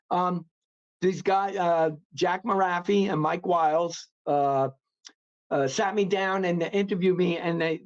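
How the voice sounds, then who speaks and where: Man, New York accent, fairly high voice, rambling with fillers, dull lo-fi audio. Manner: rambling, many fillers and restarts. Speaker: podcast guest. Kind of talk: casual interview chat.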